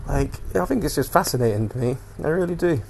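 A man's voice: on the high side, expressive, fast talker, creaky, darkish tone, a little hiss or hum. A young man hosting a casual solo podcast, rambling loosely between topics and swearing freely. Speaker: podcast host.

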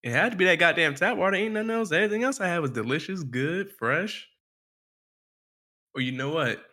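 A man's voice: fairly high pitch, expressive, fairly quick, sharp tone. A man co-hosting a podcast, telling a story in laid-back casual chat, full of slang and swearing. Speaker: podcast co-host.

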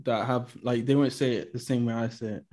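A woman's voice: rumbling low, level tone, brisk, warm tone. A woman with an English accent, a guest musician chatting casually on a podcast, giggling and imitating how others talk. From England. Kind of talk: casual chat.

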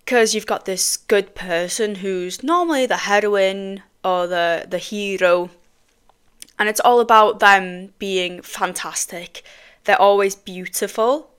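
A woman hosting a podcast, telling a personal story in a chatty, animated way with frequent ums and casual swearing. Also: medium pitch, takes it slowly, clear, resonant tone. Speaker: podcast host.

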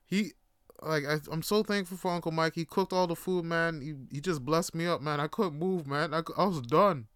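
Brief: male host, casual storytelling, animated and profane, bright and crisp voice. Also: fairly high pitch, moderate pace, dry recording, clean studio sound. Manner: animated, swears freely, repeats himself. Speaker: podcast host.

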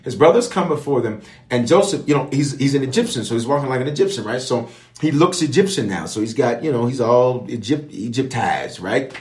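A man preaching as a bishop, mid-pitched and emphatic, driving his points home with repeated phrases and prophetic declarations. He speaks directly to his online viewers. The voice rings out in an echoey room. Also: animated, fairly quick, darkish tone. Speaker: bishop leading online prayer. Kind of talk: preaching prayer and Bible teaching.

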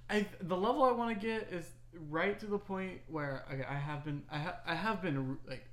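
A young adult co-host on a chat podcast, telling stories with halting restarts. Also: mid-range voice, crowd noise. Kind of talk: casual chat.

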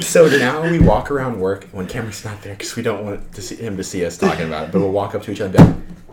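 A man's voice: on the low side, fairly quick. A young man casually telling work stories on a podcast, acting out the people he quotes. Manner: animated storyteller acting out quotes. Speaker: podcast co-host. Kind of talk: casual storytelling chat. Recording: echoey room with loud noise.

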